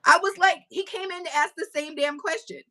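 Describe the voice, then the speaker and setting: A woman's voice: very high voice, fairly quick, sharp tone, slight background noise. A woman hosting a casual livestream chat, talking bluntly and emphatically and cursing freely. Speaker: livestream host. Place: home livestream setup.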